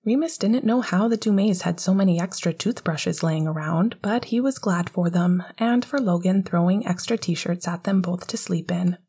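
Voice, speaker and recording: A woman narrates an audiobook in a soft, half-whispered delivery. Her voice is husky and mellow, and it sits slightly low. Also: moderate pace, hardly any pauses.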